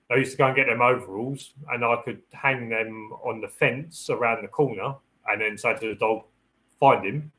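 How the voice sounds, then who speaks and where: A man's voice: lowish voice, sharp tone, poor audio. A man, a security dog handler hosting a live Q&A, giving practical advice in a casual, rambling way. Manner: practical and chatty, repeats and restarts phrases; acts out the dog's thoughts in a raised voice.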